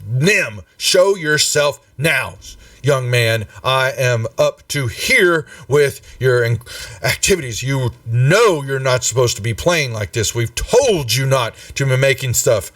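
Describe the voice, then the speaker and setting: A man voicing a stern, motherly woman who scolds her wayward ward slowly and firmly. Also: mid-range voice, lively intonation, fairly bright tone, no room sound, far from the mic. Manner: slow, firm, scolding.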